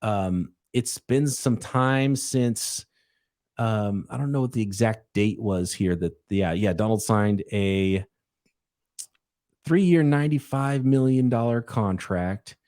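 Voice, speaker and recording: A man's voice: on the low side, takes it slowly, darkish tone. A man hosting a casual sports podcast, easygoing and rambling. He talks in a loose, chatty way, trailing off and restarting his thoughts as he goes. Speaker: podcast host.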